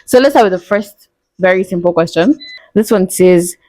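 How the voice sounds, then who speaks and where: Answering viewers' questions with candid playfulness and frequent laughs, this 20-something woman hosts a casual Q&A vlog. Her voice is lowish and mellow at a moderate pace, with no room sound.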